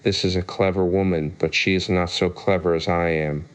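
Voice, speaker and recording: A man's voice: low voice, little pitch movement, normal speed, lightly acted. Sly haughty cat, read by a man. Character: proud independent male cat, sly and haughty.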